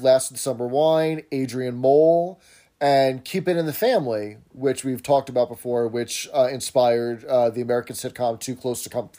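A man's voice: mid-range voice, warm tone. A man co-hosting a podcast, chatting in detail as he recaps a sitcom episode. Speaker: podcast co-host.

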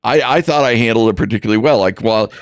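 A man co-hosting a sports radio show, talking in a halting, casual way with many restarts. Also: fairly low pitch, clean tone, dry recording, studio quality.

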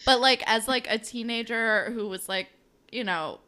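A woman's voice: a little high, normal speed, sharp tone. A young woman co-hosting a podcast, chatting casually with lots of fillers and laughter as she recaps a show. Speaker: podcast co-host.

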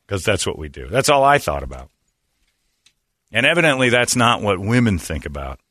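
A middle-aged man hosting a casual comedic chat, telling stories with loud high-pitched impressions of other people. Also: sing-song, brisk, crowd noise, noisy background. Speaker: podcast host.

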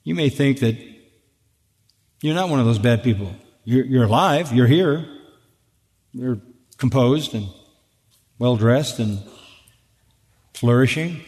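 A man's voice: mid-range voice, lively intonation, takes it slowly, pauses often, a little mellow. A man preaching an expository sermon, talking emphatically to his congregation with direct rhetorical questions. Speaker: pastor. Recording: echoey hall with long reverb.

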